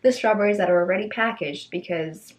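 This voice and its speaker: A young woman vlogging, telling funny stories in a chatty, animated way and acting out the people in them. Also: mid-range voice, fairly quick. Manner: chatty, animated, acts out voices in quotes. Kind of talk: casual storytelling.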